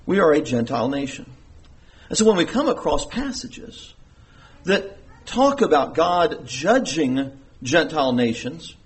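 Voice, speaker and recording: A middle-aged pastor preaching an earnest sermon, with emphatic rises in his voice. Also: a little high.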